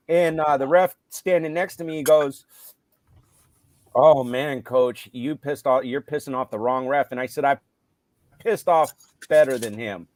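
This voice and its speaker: A middle-aged man, a football coach, casually retelling stories from his games, getting loud and animated when he quotes himself. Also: on the high side, measured pace, no echo. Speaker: high school football coach. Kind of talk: casual storytelling on a live show.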